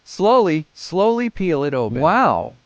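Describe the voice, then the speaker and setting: A man giving outdoor snake-education commentary, with frequent excited exclamations and slow, careful explanations. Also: on the high side, no room sound, highs cut off. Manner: excited exclamations, counting aloud.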